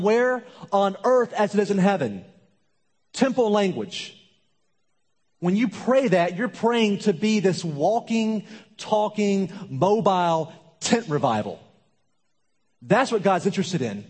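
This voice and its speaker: A man preaching a sermon with an emphatic, repetitive rhythm that drops to a hush at times. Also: high voice, husky. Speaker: pastor. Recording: long reverb of a large hall.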